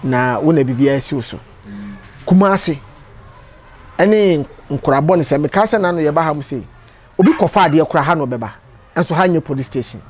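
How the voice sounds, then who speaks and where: A man's voice: a little high, animated, fast talker, soft background music. A Ghanaian man hosting a casual interview, prompting his guest with short replies. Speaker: interview host.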